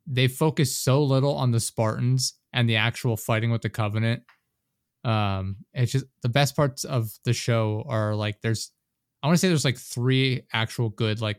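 A man's voice: mid-range voice, moderate pace, clean tone, no echo. A man in casual conversation, rambling through stories with plenty of swearing and laughter. His voice sits in an ordinary middle register. It is recorded close and dry, with no room sound. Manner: rambling, profane, laughs often. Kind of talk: casual chat.

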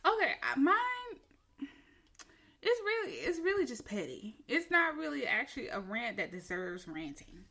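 A woman's voice: fairly high pitch, big pitch swings, normal speed, bright, forceful tone. A woman on a podcast, ranting comically and with emphasis, swearing and laughing as she goes. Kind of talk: comedic rant.

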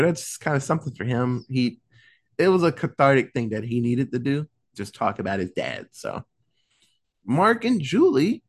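Casting note: young male podcast host, lively swooping delivery, profane, acts out characters mid-recap. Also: medium pitch. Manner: animated, profane, acts out characters in quick asides. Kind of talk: casual storytelling recap.

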